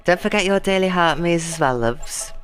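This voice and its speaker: A woman's voice: lowish voice, normal speed, faint music behind. Chatty woman streamer calling viewers "loves". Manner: chatty, greets viewers and calls them loves and babes; defiant when talking about her abuser. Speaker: TikTok live streamer. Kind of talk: casual live-stream chat.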